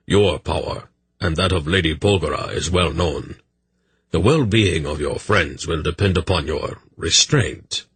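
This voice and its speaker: A man voicing a polite, calculating army captain who speaks with smooth courtesy. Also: low voice, a little slow, fairly bright tone, no echo, exaggerated voice. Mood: courteous.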